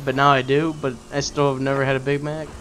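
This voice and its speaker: A man's voice: medium pitch, little pitch movement, fast, a bit bright, a little hiss or hum. A man on a game stream chatting in an easygoing way, reacting to the chat and his co-host.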